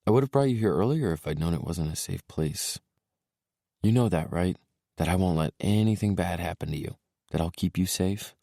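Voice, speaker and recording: A man narrating an audiobook in a soft, subdued way, dropping his voice low for tender moments. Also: normal speed, creaky, no echo, clean studio sound.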